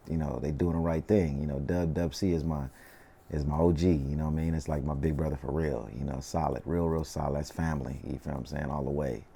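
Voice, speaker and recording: Very deep-voiced laid-back Californian man. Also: mellow, slightly rough. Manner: laid-back slangy storytelling, frequent "you know what I mean". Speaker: rapper, interview guest. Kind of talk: casual storytelling interview.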